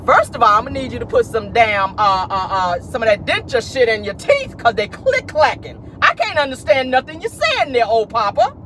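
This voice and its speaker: A man hosting a casual celebrity gossip vlog from his car, talking with animated, laughing, playful sass. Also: very high-pitched, moderate pace, few pauses, slight background noise. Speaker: host.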